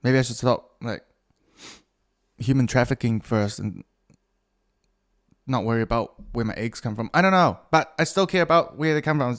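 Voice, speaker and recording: A middle-aged man hosting a podcast by himself, drifting from topic to topic. He swears freely and jokes at his own expense. His voice sits at an ordinary male pitch. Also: moderate pace, long pauses. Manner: profane, rambling, self-mocking. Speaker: podcast host. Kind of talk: casual solo podcast monologue.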